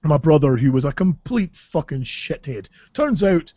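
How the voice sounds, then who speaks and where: A man's voice: fairly high pitch, sing-song, moderate pace, dark tone, no room sound, muffled recording. A man from Caithness with a Scottish accent, a podcast host telling rambling, sweary comic stories and laughing as he goes. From Caithness, Scotland. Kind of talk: casual comic storytelling.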